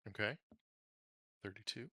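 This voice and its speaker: A man's voice: a little slow, bright, forceful tone, no room sound, studio quality. A man narrating a tabletop game as game master, describing the action in detail.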